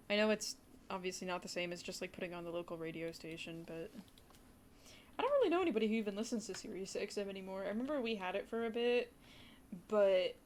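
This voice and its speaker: A young woman streaming a game, chatting and rambling to her viewers with excited gasps. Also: medium pitch, slight background noise. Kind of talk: casual livestream commentary.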